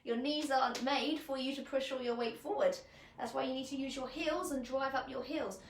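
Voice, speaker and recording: Chatty lady coaching a home workout, higher voice, roomy echo. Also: fairly even intonation, normal speed, slight background noise. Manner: chatty, upbeat, laughs often, greets viewers by name. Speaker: fitness coach. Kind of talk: live online workout instruction. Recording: echoey room.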